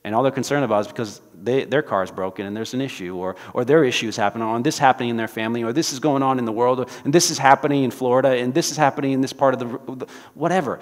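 Speaking rapid-fire in a mid-range voice with hardly any pauses, this pastor delivers a sermon full of animated stories, performing each character's quoted lines. His voice rings with the long reverb of the church sanctuary.

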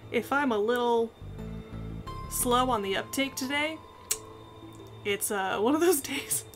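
A woman's voice: fairly high pitch, a little slow. A woman streaming a video game, chatty and self-mocking, laughing at herself. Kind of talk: casual gameplay commentary. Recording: game music underneath. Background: game music.

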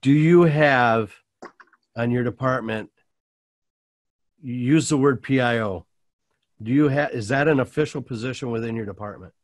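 A man's voice: mid-range voice, moderate pace, long pauses, dry recording. A man hosting a panel discussion, asking rambling questions in a chatty, self-deprecating way. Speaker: host.

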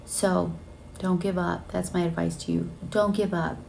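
A woman's voice: lowish voice, little pitch movement, unhurried, creaky, a little mellow, a little hiss or hum. A woman telling her story in a casual vlog, earnest and emotional, with many fillers like "you know" and "like.". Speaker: flight attendant vlogger. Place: hotel room on a layover.

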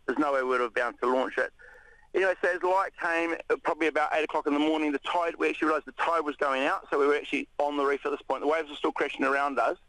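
A New Zealand man, a radio interview guest, recounting an ordeal in a halting way with many restarts. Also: on the high side, no echo, rough recording. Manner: halting, many restarts, animated when retelling shouts.

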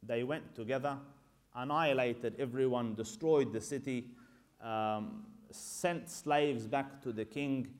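A male Islamic teacher tells sacred history in a relaxed, conversational lecture style. He slips briefly into the characters' lines as he goes. His voice sits at a medium pitch for a man. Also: slow pace. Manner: conversational storytelling that acts out dialogue.

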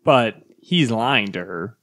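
A man's voice: lowish voice, expressive, slow pace, fairly bright tone, dry recording, studio quality. A man co-hosting a podcast, chatting enthusiastically and casually about comics, with some swearing. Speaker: podcast co-host. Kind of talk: casual chat.

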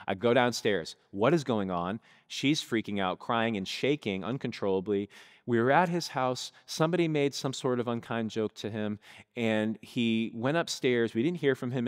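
A man's voice: medium pitch, moderate pace. Storytelling male pastor in echoing church. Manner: vivid storytelling, addresses congregation. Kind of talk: sermon storytelling. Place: church sanctuary. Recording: long reverb of a church hall.

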